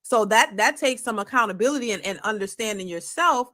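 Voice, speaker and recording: A woman's voice: on the high side, expressive, brisk, bright, forceful tone. A middle-aged woman who has been married over twenty years gives relationship advice on a talk panel. She is earnest and a little preachy, and she often repeats herself. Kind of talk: casual opinion talk.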